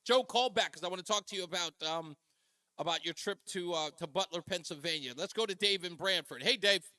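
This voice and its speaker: Bright high-voiced male talk radio host. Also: no room sound, studio quality. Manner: energetic, quick agreeing interjections.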